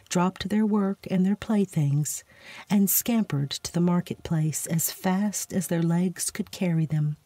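Female narrator for a sleep story: slow, mellow, dry close sound, gentle fairytale reading. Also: mid-range voice, dry recording. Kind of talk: soft bedtime story reading.

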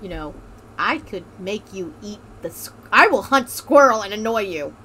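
A woman's voice: medium pitch, lively intonation, normal speed, sharp tone, slight background noise. A woman hosting a let's play, joking, swearing freely and laughing often as she comments on a game. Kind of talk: casual gaming commentary.

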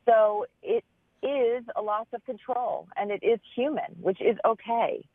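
A woman's voice: on the high side, measured pace, dry recording. A woman author and business owner giving earnest, thoughtful answers in an interview, often restarting her phrases as she searches for the words. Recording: tinny phone line.

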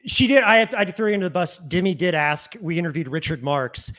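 A man's voice: high voice, animated, fast, fairly bright tone. A man from Missouri co-hosting a casual podcast interview, teasing and joking with his guest. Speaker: podcast co-host.

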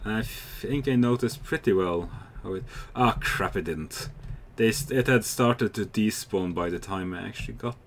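A young man giving casual, chatty commentary while playing a game, excitable and swearing freely. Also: fairly low pitch, moderate pace, slight background noise. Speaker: gamer.

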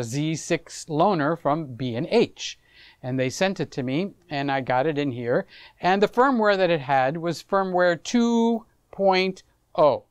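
A middle-aged man hosting a camera vlog, telling a story to the camera in a casual, animated way. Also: on the high side, clear, resonant tone, dry recording. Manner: animated, acts out conversations, chuckles often. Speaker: camera reviewer, vlog host.

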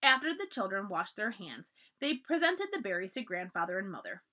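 A woman librarian reading a children's chapter book aloud, expressive and storyteller-like. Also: mid-range voice, brisk. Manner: expressive storyteller, lively voices for dialogue.

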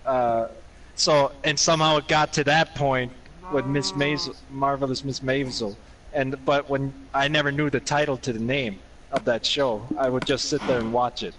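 A man from Minnesota with a Minnesotan accent, chatting casually on a voice call and telling stories in a halting, rambling way. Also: medium pitch, steady tone, crowd noise. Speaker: guest on a voice call. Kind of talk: casual chat. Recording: noisy voice-chat line.

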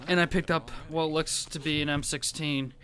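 A man giving gameplay commentary, panicking and pleading in fast repeated bursts. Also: a little high, steady tone, pushed and bright, slight background noise. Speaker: gaming YouTuber.

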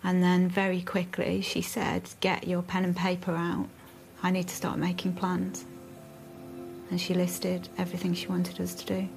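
A woman's voice: fairly low pitch, completely flat delivery, moderate pace, gravelly, darkish tone, faint music behind. A woman in a documentary interview, steadily recounting events in a matter-of-fact way. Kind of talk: emotional interview recollection.

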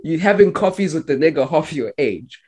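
A man's voice: on the high side, fairly quick, background noise. A young man telling a story on a podcast, acting out the lines he quotes. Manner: animated, acts out quoted lines. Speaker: podcast co-host. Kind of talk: casual storytelling among friends.

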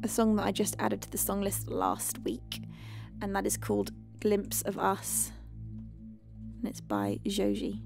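A woman's voice: medium pitch, very animated, measured pace, gravelly. A young British woman hosting a music livestream, chatting with viewers between songs in a bubbly, affectionate, giggly way. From United Kingdom.

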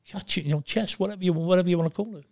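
An older man in his sixties, talking bluntly and with lots of swearing in a casual interview, telling animated stories. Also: sits high, rapid-fire, creaky, no echo, studio quality. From Wales. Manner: blunt, profane, animated storytelling. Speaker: guest, former goalkeeper.

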